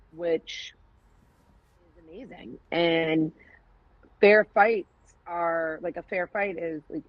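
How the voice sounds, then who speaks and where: A podcast co-host with a lowish voice tells stories in candid, casual chat, acting out quoted dialogue and swearing freely. The audio is dull with no echo.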